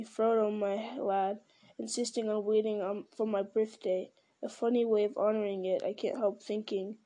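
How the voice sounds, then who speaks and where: A woman's voice: medium pitch, warm tone, natural voice. A woman voicing a chatty, fond elderly male hobbit.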